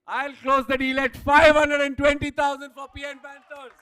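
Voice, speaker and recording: A man's voice: very high voice, monotone. A man working as auctioneer at a live player auction, calling out bids again and again and pushing the room for more. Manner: rapid repetitive bid calling, rising to shouts. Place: event hall.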